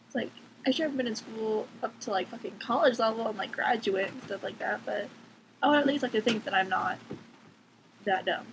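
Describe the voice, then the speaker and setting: Her voice is a little high, fairly quick, and gravelly as this teenage vlogger rants casually to camera from her bedroom at home. Sarcastic and freely swearing, she peppers everything with "like," and cats can be heard making noise nearby.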